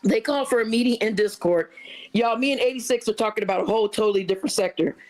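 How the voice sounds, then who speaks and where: On a livestream, a female guest with a high voice talks fast, casually and animatedly retelling a story while acting out quoted chat voices. The audio quality is poor.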